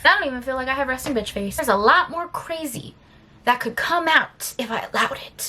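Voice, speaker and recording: Young woman, book vlogger, casual storytelling, fairly high voice, sassy, emphatic, tired. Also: fast. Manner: animated, sassy, emphatic asides with repeated "okay?".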